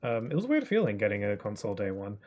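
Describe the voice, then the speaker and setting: A man's voice: on the low side, wildly swooping pitch, fast talker, a little mellow. Rambling young man streaming a game. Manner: rambling, with many fillers and restarts. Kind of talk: casual live-stream gaming chat.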